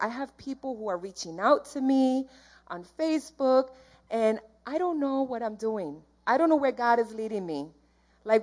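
Woman, church testimony; fervent, rambling, unhurried delivery, slightly high voice. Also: a little mellow. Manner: rambling, earnest, jumps around. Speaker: church member giving testimony.

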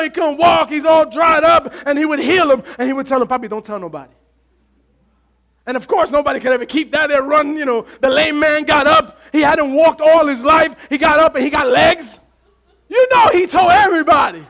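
A man's voice: extremely high pitch, fairly quick, vocal fry, fairly bright tone. A male pastor preaching a sermon to his congregation, impassioned and calling out to the church.

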